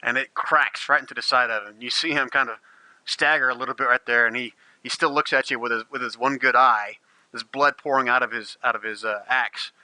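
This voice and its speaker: A man's voice: medium pitch, fairly even intonation, a little fast, pushed and bright, clean tone, no room sound, poor audio. A man running a tabletop game as game master, narrating fights with vivid, gleeful detail.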